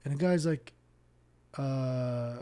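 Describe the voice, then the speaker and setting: A man from Palestine's West Bank, a guest on a podcast, telling stories in an animated way and acting out the people in them. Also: mid-range voice, slow pace, clear, resonant tone. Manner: animated, acts out dialogue, repeats words when starting sentences. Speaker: podcast guest, Islamic teacher. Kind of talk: casual storytelling interview.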